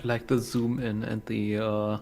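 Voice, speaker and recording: A laid-back man chats through a game as co-host, unhurried and joking. Faint music sits behind his voice. He sounds like a game developer playing with a friend. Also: fairly low pitch, little pitch movement, a little mellow. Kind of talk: casual let's-play commentary.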